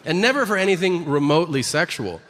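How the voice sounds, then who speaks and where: A man doing a stand-up comedy set, talking in a dry, conversational way and slipping into quick voices for the people in his stories. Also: fairly high pitch, big pitch swings, fairly bright tone, in a large hall. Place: theater stage before an audience.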